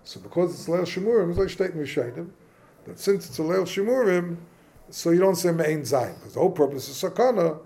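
With a fairly high, expressive voice that's gravelly and dark in tone, this man teaches a Torah class at a fairly quick pace. It's an informal Talmudic lesson, casual and full of questions, his English sprinkled with yeshivish Hebrew and Yiddish phrasing.

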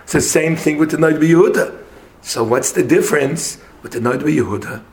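A man with a somewhat high voice works through a Talmud passage with a study partner. He argues fast and insistently. His English is dense with Hebrew and Aramaic terms. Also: darkish tone. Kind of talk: casual Talmud study session.

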